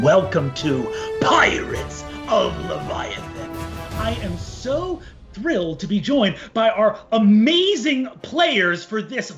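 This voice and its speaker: A man's voice: sits high, fairly bright tone. A man narrating a tabletop game as game master, telling the story in a grand, theatrical way from his home.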